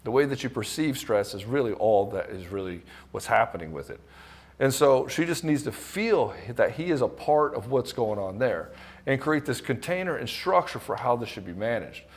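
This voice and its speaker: A man's voice: medium pitch, animated, normal speed, breathy edge. A middle-aged man coaching married men straight to camera, blunt and casual, swearing freely and acting out the voices of the people he quotes. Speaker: relationship coach. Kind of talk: direct-to-camera coaching talk.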